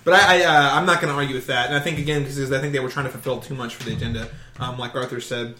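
Quick-talking male co-host, halting, restarts sentences, echoey room. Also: mid-range voice, fairly even intonation, slight background noise. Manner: fast and hesitant, trails off quieter. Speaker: podcast co-host. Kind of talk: casual movie discussion. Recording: roomy echo.

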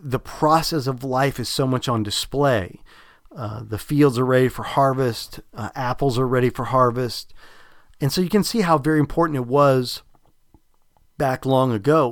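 A man's voice: medium pitch, no echo, studio quality. A man with a Southern US accent hosting a podcast, talking in a rambling, reflective way with many fillers and restarts. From American South. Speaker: podcast host. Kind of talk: casual spiritual podcast talk.

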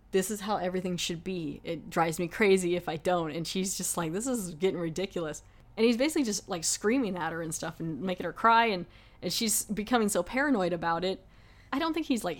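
A woman hosting a podcast, casually reviewing a horror film in a rambling, chatty way. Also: fairly low pitch. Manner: rambling, chatty, lots of "like" fillers. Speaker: podcast host.

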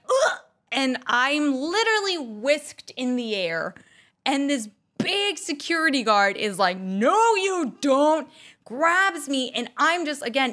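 A young woman telling animated, self-mocking stories to her viewers. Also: sits high. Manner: animated, self-mocking, acts out quotes in loud squeals. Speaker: vlogger. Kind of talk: casual storytelling to camera.

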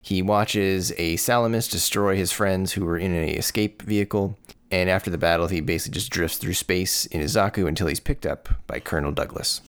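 A man co-hosting a podcast, recapping a story in a steady, measured way during casual chat. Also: sits low, smooth, no room sound, clean studio sound. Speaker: podcast co-host.

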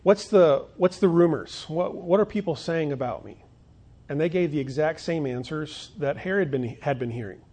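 A pastor preaching a sermon earnestly, asking the congregation rhetorical questions and building up to emphatic declarations. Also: male voice, on the high side, moderate pace, darkish tone.

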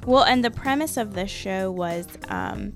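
A giggly woman co-hosting a casual movie podcast, her voice often dropping into gravelly fry. She talks as an eager fan. Soft music sits faintly behind her. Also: medium pitch, measured pace. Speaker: podcast co-host. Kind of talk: casual movie review chat.

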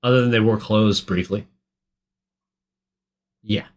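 A man in casual podcast chat, exasperated and profane, often climbing to loud, high outbursts. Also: steady tone, takes it slowly. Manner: exasperated, profane, rising to near-shouts. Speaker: podcast co-host.

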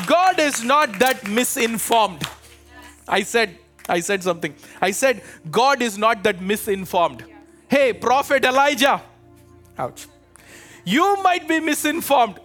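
In a church with a live congregation, a pastor preaches a fervent sermon, calling out to his listeners, urging them on, and rousing them to respond. His voice is very high-pitched and expressive, unhurried, with a fairly bright tone, and faint music plays behind him.

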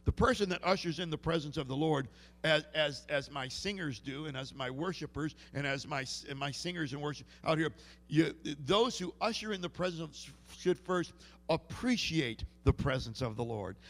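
Pastor telling stories in a reverberant church. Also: male voice, on the high side, moderate pace, a bit bright. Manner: folksy storytelling with many restarts. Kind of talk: sermon. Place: church sanctuary. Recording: long hall reverb.

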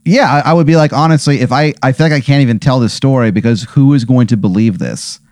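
A man's voice: medium pitch, fast talker, a little mellow, no echo. A man in casual comic banter, reacting with dry interjections and playing along.

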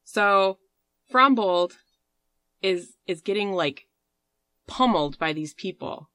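A woman's voice: mid-range voice, animated, slow, a bit bright, no echo. A woman hosting a podcast, telling a story in a rambling, casual way with fillers and swearing. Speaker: podcast host.

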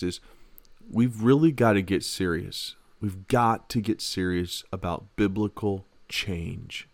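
A man who is a pastor and podcast host, giving a conversational Bible teaching in an emphatic way, repeating his key words and swinging between loud and soft. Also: fairly low pitch, no echo, clean studio sound.

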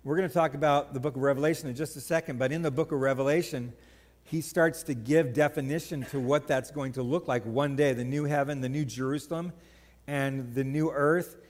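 A man's voice: medium pitch, a little fast, big-room sound. A man preaching a sermon as pastor, conversational and joking, telling stories to the congregation. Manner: conversational, joking, animated storytelling. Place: church sanctuary.

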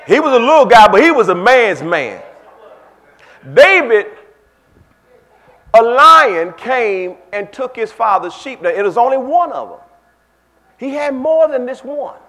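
Animated preacher with a high lively voice. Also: male voice, a little slow, pauses often. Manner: animated, swings from low asides to shouted peaks; folksy, conversational preaching with call-and-response asides. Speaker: pastor. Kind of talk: sermon.

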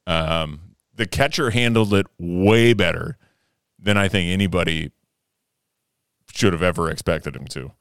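A young man co-hosting a podcast, chatting casually and telling stories, animated and swearing freely, shouting when he acts out his anger. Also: deep voice, a little slow, clean tone, no echo, studio quality. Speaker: podcast co-host. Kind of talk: casual chat, storytelling.

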